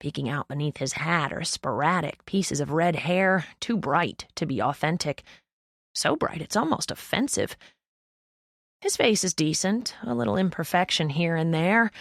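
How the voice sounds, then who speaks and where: A young woman narrating an audiobook in the first person, with wry, deadpan asides, close to the mic. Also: on the low side, normal speed, no echo.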